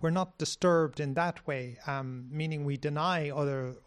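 A man speaking as a meditation teacher in a dharma discussion, reflective and hesitant, with frequent pauses and restarts. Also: on the high side.

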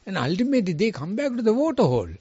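A man giving a dharma talk as a monk teacher, telling a sutta story with non-native phrasing and swinging pitch. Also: sing-song, rapid-fire, dark tone, breathy edge, no echo, lo-fi sound.

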